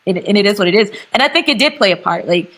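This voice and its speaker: A woman's voice: medium pitch, animated, fast talker, a bit bright, rough recording. A young woman with a St. Louis accent, a guest chatting candidly and talkatively on a podcast over a video call. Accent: St. Louis, Missouri. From St. Louis, United States.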